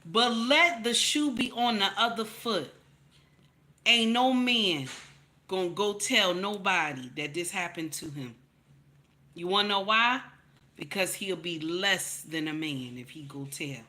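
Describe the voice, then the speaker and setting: A commentary channel host delivers blunt, profane opinions to camera, preaching and hammering her points through repetition until she erupts into loud outbursts. She keeps calling her listeners "baby." Her mid-range voice has lively intonation and a measured pace.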